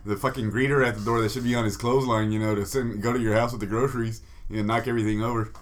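A man's voice: medium pitch, fairly even intonation, very fast. A man co-hosting a podcast, swearing and riffing jokes in casual crude banter. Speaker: podcast co-host.

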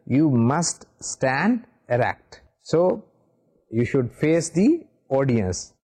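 Mellow-voiced man giving a university lecture. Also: mid-range voice. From Pakistan. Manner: measured, explanatory, with frequent "uh" pauses. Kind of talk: recorded video lecture. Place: seated in a studio.

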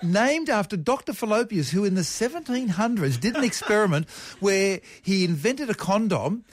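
Excitable Australian science guest, high lively voice, dry studio sound. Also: male voice, normal speed, no room sound. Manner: excitable, rambling, gleeful. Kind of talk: radio talkback chat. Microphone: studio mic.

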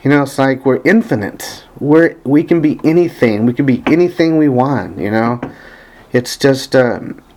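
A man's voice: mid-range voice, expressive, moderate pace, a little mellow. A man casually talking about a band he loves, hesitant and earnest, with many ums and restarts as he searches for songs. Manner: earnest, enthusiastic fan. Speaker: vlogger discussing a band's music. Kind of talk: casual rambling talk, reading lyrics aloud.

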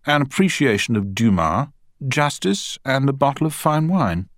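A man's voice: medium pitch, sing-song, normal speed, a bit bright, no echo, studio quality, pitched above the performer's own voice. A man voicing a smug young male witness who gives clipped, defensive answers under questioning.

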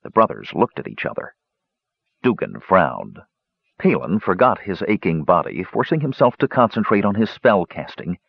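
A man narrating an audiobook with expressive storytelling. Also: deep voice, moderate pace, creaky, slightly rough. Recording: dull lo-fi recording.

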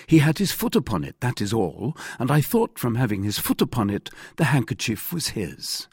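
A man voicing an earnest, hot-tempered young male Gascon who is quick to take offence. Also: medium pitch, very animated, creaky, a little mellow, husky, no room sound, studio quality, full character voice.

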